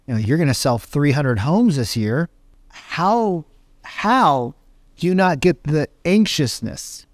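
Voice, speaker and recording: Animated storytelling man, dry sound. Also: a little high, slow pace, dry recording. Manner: animated, acts out dialogue in changing voices. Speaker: real estate agent and coach. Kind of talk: motivational storytelling talk.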